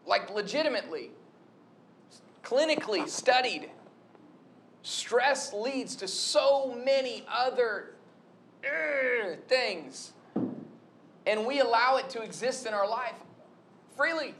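A man's voice: extremely high pitch, takes it slowly, long pauses, a little hiss or hum. A young adult man giving a conversational, storytelling sermon. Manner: conversational, storytelling, animated retelling. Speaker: preacher.

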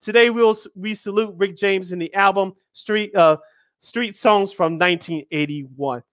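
A man's voice: high-pitched, measured pace, a bit bright, no room sound, clean studio sound. A man in his thirties hosting a live sports radio show, chatty and jokey, reading out lists with emphasis. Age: 30s. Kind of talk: casual radio sports talk.

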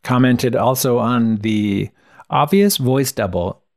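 A man's voice: medium pitch, takes it slowly, creaky, a little mellow. A man co-hosting a casual podcast, wryly summing up reviews and a plot with lots of filler words. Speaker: podcast co-host.

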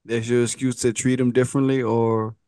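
A man's voice: mid-range voice, flat delivery, brisk, mellow, clear, resonant tone, no echo. A man co-hosting a podcast, telling a story in a loose, rambling way with stumbling restarts. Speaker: podcast co-host. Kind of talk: casual podcast chat.

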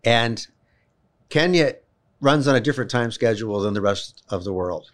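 A man, a guest telling personal stories in an animated, emphatic way, often repeating words as he gets going. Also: mid-range voice, normal speed. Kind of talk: personal storytelling in a conversation.

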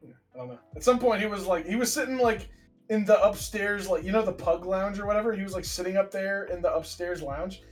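A man's voice: sits high, fairly quick, soft background music. A man hosting a podcast, telling a story in casual, rambling chat, full of "like" and laughter. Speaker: podcast host.

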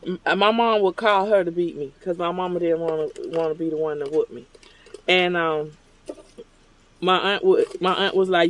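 A man's voice: sits high, steady tone, moderate pace, a bit bright. A middle-aged man hosting a show, telling a rambling, conversational story from his car at a drive-thru. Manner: rambling, conversational, acts out remembered dialogue. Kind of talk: casual storytelling while ordering at a drive-thru.

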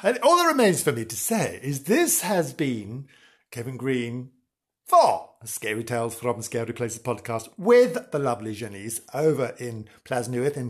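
A man's voice: mid-range voice, slightly rough. A man hosting a comedy podcast, teasing his way through a dry sign-off. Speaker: podcast host. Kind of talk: comic sign-off.

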